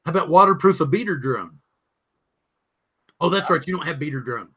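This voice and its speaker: Southern male host, high bright voice, jokey rambling live-stream delivery. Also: lively intonation, brisk, slightly rough. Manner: rambling, joking, reads chat aloud. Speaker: podcast host.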